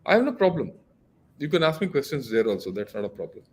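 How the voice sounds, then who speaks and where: A man's voice: mid-range voice, very animated, quick pace, breathy edge. An older man, a retired general, giving analysis in a casual talk with a lecturing, emphatic manner and many fillers. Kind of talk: casual discussion.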